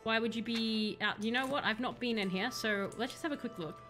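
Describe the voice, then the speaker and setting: A woman's voice: on the high side, brisk, a bit bright, faint music behind. A young woman streaming a video game, chatting casually with playful, rambling jokes. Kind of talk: casual live-stream chat while playing.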